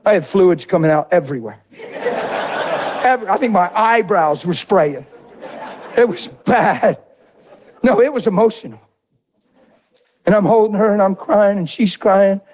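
A middle-aged man preaching a sermon, telling a personal story with animated, emotional delivery. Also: unhurried, pauses often. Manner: animated and emotional, voice jumping high when quoting his crying wife.

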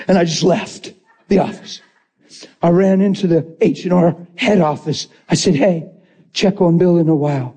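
Man, preacher, sermon testimony, high pitch, mellow tone, animated, acts out quotes. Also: normal speed, breathy edge. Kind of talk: sermon storytelling.

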